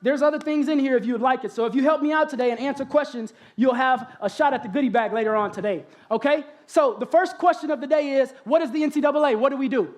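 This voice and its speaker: A young man from Texas with a Southern accent, giving an animated spoken-word poem and talk as a college guest speaker, speaking directly to the audience. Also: extremely high pitch, quick pace, few pauses. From Galveston, Texas. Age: young adult. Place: college convocation auditorium.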